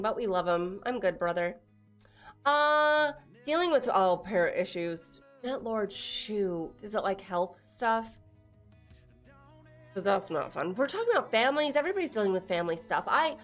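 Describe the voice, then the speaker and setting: A young woman from Texas chatting casually on a live stream, laughing often and teasing her viewers as she reads their messages. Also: mid-range voice. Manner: giggly, teasing, reads chat aloud.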